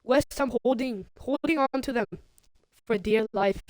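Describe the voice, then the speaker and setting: A woman streaming play-by-play commentary on a football video game, calling out players and breaking into sudden excited outbursts. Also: on the high side, moderate pace, no room sound, poor audio. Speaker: livestream commentator.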